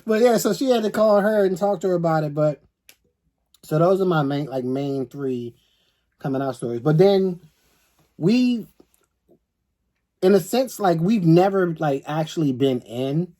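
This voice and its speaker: A middle-aged man co-hosting a storytime chat, telling stories with animated energy and acting out the voices of others. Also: fairly high pitch, measured pace, pauses often. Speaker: co-host.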